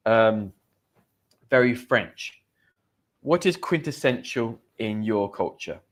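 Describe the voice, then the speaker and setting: A man's voice: medium pitch, a little slow. Man, English accent, live-streamed lesson, chatty, upbeat, repeats key words. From England. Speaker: English teacher. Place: home in Spain.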